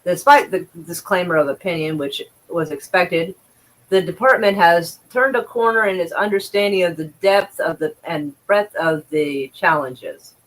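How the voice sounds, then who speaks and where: A woman's voice: on the low side, moderate pace, rough recording. A woman livestreaming, reading news aloud and reacting with sarcastic, profane commentary and exasperated sighs.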